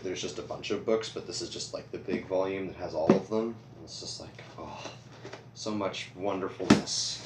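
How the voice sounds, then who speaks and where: Rambling teen boy with cracking voice. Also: low voice. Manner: rambling, goofy, self-deprecating. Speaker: vlogger. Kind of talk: casual rambling show-and-tell. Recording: echoey room, far from mic, faint hiss.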